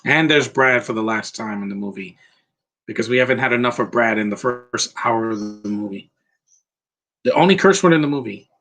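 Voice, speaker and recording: A man's voice: mid-range voice, expressive, brisk, bright, forceful tone. Emotional man doing movie commentary. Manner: emotional, sentimental, rambling. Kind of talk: casual live movie commentary.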